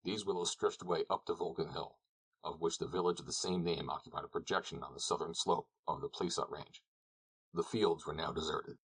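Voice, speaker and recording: A man narrating an audiobook, reading calmly and evenly. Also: sits low, fairly quick, breathy edge, rough recording. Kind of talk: scripted narration.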